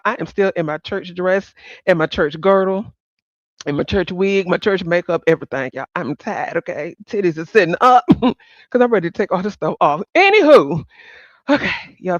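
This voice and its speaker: A woman's voice: mid-range voice, dry recording, dull audio. A woman hosting a casual livestream chat, talking to viewers by name and laughing often. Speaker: livestream host.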